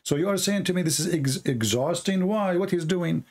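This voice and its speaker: A man's voice: high voice, a little fast, a little mellow. A man hosting a confrontational debate in non-native English, pressing the same question over and over with sarcasm. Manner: pushy, sarcastic, repeats questions. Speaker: debate host.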